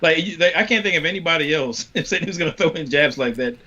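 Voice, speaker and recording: A man guesting on a casual group video chat from home, talking quickly and often checking in with the others. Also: a little high, expressive, sharp tone, lo-fi sound. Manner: quick, conversational, keeps checking in with 'you know what I'm saying'. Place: home during quarantine, on a video call.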